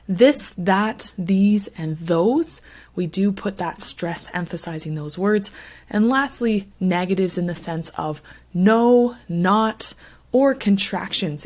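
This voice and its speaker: A woman giving an English pronunciation lesson, speaking slowly and stressing key words as she lists examples. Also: lowish voice, darkish tone. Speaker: English teacher.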